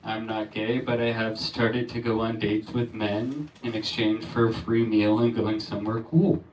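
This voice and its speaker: A man's voice: lowish voice, fairly even intonation, a little slow, darkish tone. A man hosting a comedy show, doing his own set with a dry, understated delivery. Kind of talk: stand-up set and introductions. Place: comedy club stage. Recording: echoey noisy club from far off. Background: audience laughter.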